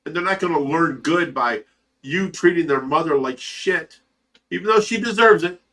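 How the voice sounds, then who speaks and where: A middle-aged man hosts a casual livestream, reading viewers' messages aloud and answering with blunt, profane, earnest advice about being a father. His voice sits fairly high and sounds bright and forceful. He is heard from a bit away from the microphone. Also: lively intonation, moderate pace, distant mic. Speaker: livestream host reading chat.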